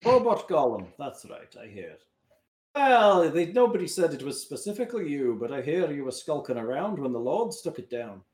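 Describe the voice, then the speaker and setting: A man's voice: on the high side, sing-song, normal speed, a little mellow. A man voicing a wry, oil-stained female shopkeeper who sells spells, in an echoey room. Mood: sly.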